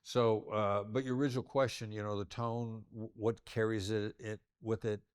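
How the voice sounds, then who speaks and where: Older male negotiation expert, low voice, plays with his tone to show each point. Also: little pitch movement, normal speed, smooth, no room sound, clean studio sound. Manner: demonstrative, varies tone to illustrate points. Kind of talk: interview conversation.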